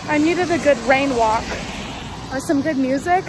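A young woman vlogging casually and excitably, full of fillers, talking into a handheld phone. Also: high voice, moderate pace. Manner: chatty, excitable, lots of fillers. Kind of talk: casual travel vlog. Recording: noisy phone video outdoors.

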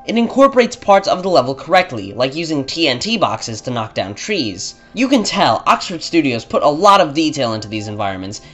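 A man's voice: on the high side, a bit bright. A man narrating a scripted game review in a blunt, opinionated, sarcastic manner.

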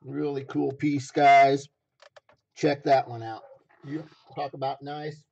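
A hoarse man running a live stream auction, repeating phrases as he hypes each item from a basement room. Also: medium pitch, little pitch movement, slow pace, darkish tone.

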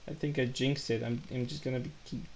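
A man gives relaxed, chatty commentary as he plays a game live. He jokes a lot and laughs at his own blunders, in a middle-pitched voice. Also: a little hiss or hum. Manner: chatty, joking, self-deprecating. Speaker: gaming livestreamer. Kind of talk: casual live gameplay commentary.

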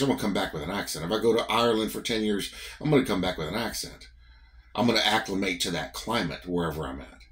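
A man with a Southern US accent giving a morning devotion, preaching in an emphatic, repetitive, conversational way. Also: lowish voice. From American South.

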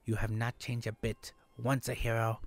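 A man voicing a solemn, formal old woman elder, reading her lines slowly with stumbles. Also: mid-range voice, monotone, no room sound, soft background music, close to an everyday voice. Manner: slow, stilted formal delivery with stumbles.

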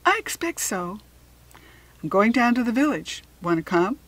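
A woman voicing a patient farmer father who teases his daughter calmly. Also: fairly high pitch, moderate pace, exaggerated voice.

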